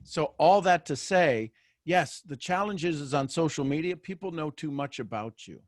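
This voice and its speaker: A man hosting a motivational live show for an online audience. He is animated and joking and often restarts his sentences. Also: a little high, moderate pace, no echo, studio quality.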